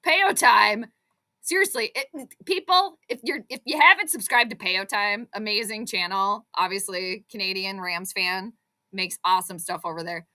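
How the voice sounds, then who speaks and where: A young adult woman hosting a live sports stream, reacting to the game in an excitable, exclamatory, chatty way. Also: medium pitch, moderate pace. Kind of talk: live play-by-play reaction commentary.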